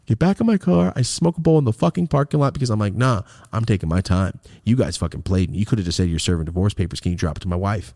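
A man's voice: fairly low pitch, fast, gravelly, few pauses, dry recording, clean studio sound. A young man hosting a podcast, telling a long story in casual, profane chat and acting out the voices of the people in it. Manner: animated, profane, acts out voices in his stories. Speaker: podcast host.

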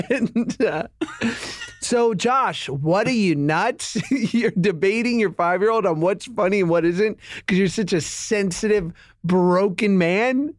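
A man's voice: high-pitched, slow, dry recording, clean studio sound. A man in his thirties co-hosting a casual chat, joking and laughing often. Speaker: podcast co-host.

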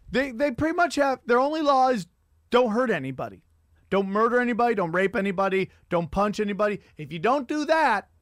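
A man hosting a podcast, telling stories in an animated, profane comedic rant. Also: very high-pitched, no echo, studio quality. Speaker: podcast host.

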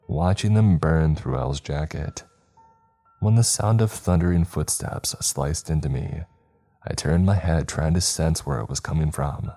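A man narrating a horror story in a steady, measured storytelling voice. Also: extremely low pitch, slightly rough.

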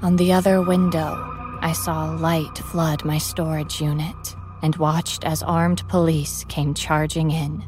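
Woman reading a horror story slow and grave, lowish voice, music playing behind. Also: little pitch movement, darkish tone. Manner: measured, grave first-person storytelling. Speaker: story narrator. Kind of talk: scripted horror narration.

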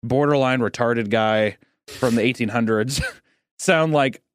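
A man's voice: medium pitch, measured pace, clean tone, no echo. A man co-hosting a casual podcast chat, ranting with plenty of swearing and acting out the people he quotes. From Missouri, United States. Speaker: podcast co-host.

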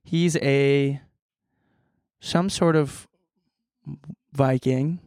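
A man's voice: medium pitch, steady tone, drawn-out words, a little mellow, clean tone, no echo, clean studio sound. A man co-hosting a casual podcast, joking around in goofy banter. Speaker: podcast co-host. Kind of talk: casual chat.

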